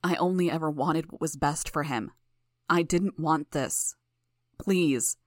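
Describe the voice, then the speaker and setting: A woman's voice: low voice, unhurried, no echo, clean studio sound. A woman voicing a desperate man in his sixties, a mayor and father who pleads and then roars threats. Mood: pleading. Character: desperate sixty-ish male mayor, a father.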